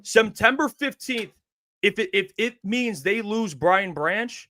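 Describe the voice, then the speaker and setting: Male sports show co-host with a higher, bright, forceful voice; emphatic and insistent in a heated debate. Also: lively intonation, slow pace, no room sound, clean studio sound. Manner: emphatic, insistent, talks over his co-host.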